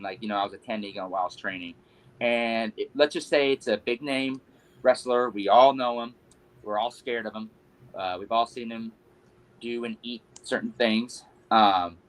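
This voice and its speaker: A man's voice: medium pitch, fairly bright tone, low-quality recording. Man with a mid-range voice, guest storyteller, rambling and sheepish, heavy on fillers. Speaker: guest pro wrestler. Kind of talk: casual storytelling on a podcast.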